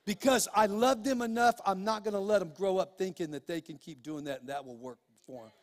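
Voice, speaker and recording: A man's voice: high voice, fairly quick, big-room sound. A middle-aged male pastor preaching a sermon in a folksy, emphatic way, full of restarts and quoted asides.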